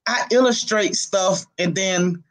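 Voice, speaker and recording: Casual male interviewee, high-pitched man, animated storyteller, from Miami. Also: slow pace. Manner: animated storyteller, laughs often. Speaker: youth football coach.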